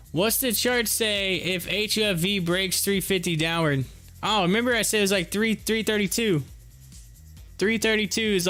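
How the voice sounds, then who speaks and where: Chatty high-voiced man streaming trades. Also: fairly bright tone. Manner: chatty, reads viewer comments aloud, laughs often. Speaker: livestream stock trading host. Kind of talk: casual live-stream commentary.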